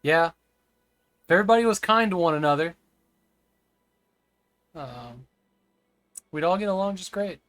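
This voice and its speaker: A man's voice: sits high, expressive, unhurried, pauses often, a bit bright, no room sound. A man streaming a game live, rambling and chatting with viewers, sometimes stammering over words. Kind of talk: live gameplay stream chat.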